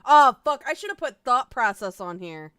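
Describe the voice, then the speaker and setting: A woman's voice: on the high side, sing-song, normal speed, fairly bright tone, clear, resonant tone, no echo. A woman streamer giving casual, sarcastic reaction commentary, swearing freely and mocking what she watches.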